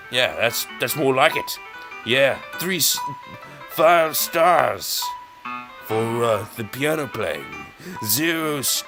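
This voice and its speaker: A man's voice: mid-range voice, expressive, a little slow, gravelly, over music. A man giving casual commentary on a brain-training game, reading on-screen text aloud and joking about it. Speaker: let's player.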